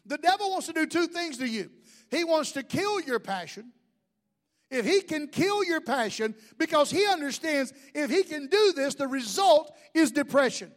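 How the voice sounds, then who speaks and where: A man's voice: very high voice, very animated, normal speed. A man, a pastor, preaching a sermon with jokes and asides to the congregation.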